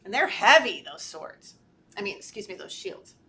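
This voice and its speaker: A woman children's librarian reading a picture book aloud to toddlers, animated and playful, gasping and talking to the children. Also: medium pitch, normal speed, slight background noise. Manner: animated, talks to children, gasps and laughs. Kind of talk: storytime read-aloud. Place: library storytime video.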